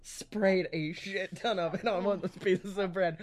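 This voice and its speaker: High-voiced man joking crudely on a podcast. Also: fairly even intonation, normal speed. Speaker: podcast co-host. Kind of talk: casual comedic chat.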